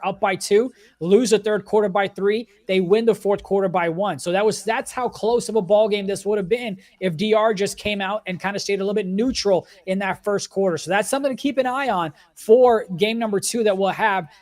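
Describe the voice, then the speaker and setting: High-voiced male esports caster. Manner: analytical, steady play-by-play breakdown. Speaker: esports commentator. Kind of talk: sports commentary.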